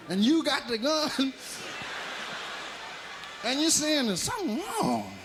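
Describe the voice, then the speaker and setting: A male stand-up comedian telling a story in a profane, animated way, swinging between loud and quiet. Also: extremely high pitch, slight background noise.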